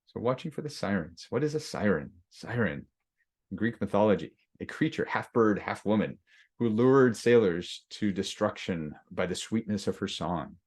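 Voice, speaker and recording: Low-voiced male coach, conversational. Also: animated, moderate pace, darkish tone. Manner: conversational, acts out inner voices with many restarts. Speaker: leadership coach. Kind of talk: workshop lesson.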